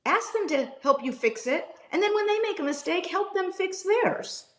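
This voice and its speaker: A woman's voice: very high voice, lively intonation, moderate pace. Passionate woman guest in an echoey room. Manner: passionate, emphatic, emotional. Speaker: NFL analyst guest. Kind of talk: video call interview chat.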